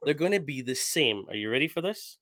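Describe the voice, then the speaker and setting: Bright-voiced Scottish man teasing his co-host. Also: medium pitch, fairly quick, no room sound. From Scotland. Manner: animated, teasing. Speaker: podcast co-host. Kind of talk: casual chat.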